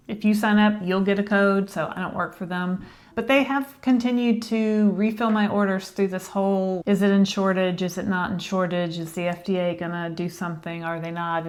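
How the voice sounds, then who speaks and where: Chatty, rambling woman co-host. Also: on the low side. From Tennessee. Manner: chatty and rambling, drops to a whisper for asides. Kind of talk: casual chat.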